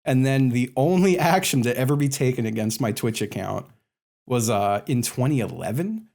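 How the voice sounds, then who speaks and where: A man's voice: medium pitch, lively intonation, normal speed, vocal fry, a little mellow. A man guesting on a podcast, easygoing and chatty, laughing often. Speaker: guest, streamer. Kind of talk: casual chat.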